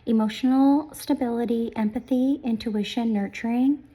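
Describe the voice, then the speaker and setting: A woman doing a casual tarot reading at home, talking softly and often dropping to a whisper. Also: a little high, moderate pace, low-quality recording. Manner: soft-spoken, often hushed to a whisper. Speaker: tarot reader. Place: home room with sleeping dogs nearby.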